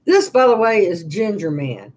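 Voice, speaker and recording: Woman in her sixties, casual live-stream chat, rambling storyteller, middle-pitched voice, at home in a living room. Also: sing-song, moderate pace, darkish tone. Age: 60s. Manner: rambling, chatty storytelling with many restarts. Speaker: vlogger.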